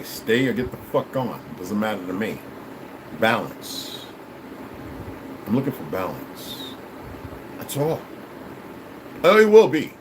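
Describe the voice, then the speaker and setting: A man's voice: medium pitch, noisy background. A man hosting a livestream, talking to his viewers in a blunt, profane, preachy way. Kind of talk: rambling casual livestream chat.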